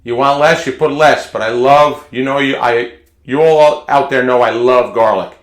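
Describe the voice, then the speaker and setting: A man's voice: medium pitch, normal speed. A man talking through a home recipe in a chatty, folksy way, often repeating words and restarting phrases. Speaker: home cooking vlogger. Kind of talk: casual cooking demonstration. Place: home kitchen.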